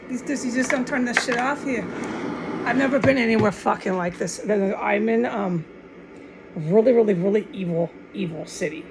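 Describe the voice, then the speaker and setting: A woman with a gravelly, creaky edge rambles through a fervent religious monologue at middling pitch. She restarts her sentences often and scatters Spanish words through her talk. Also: slight background noise, low-quality recording. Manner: fervent and insistent. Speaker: online video maker.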